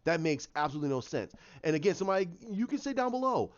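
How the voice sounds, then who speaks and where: A man giving a casual, animated review of a TV episode, ranting, swearing and acting out the characters' lines. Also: a little high, quick pace, few pauses, muffled recording. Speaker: YouTube show reviewer.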